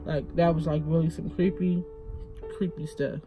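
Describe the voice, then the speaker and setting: A woman's voice: sits low, little pitch movement, normal speed, music in the background. A woman vlogger retelling a personal story in a casual, rambling way, full of "like" and "you know.".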